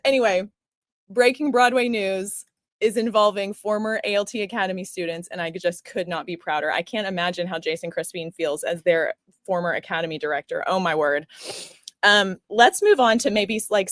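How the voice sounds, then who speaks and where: A woman hosting a talk show, effusive and gushing as she speaks. Her voice sits at a middle pitch and sounds dry and close, with almost no room on it. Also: normal speed, no room sound. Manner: effusive and gushing, easily choked up. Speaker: show host.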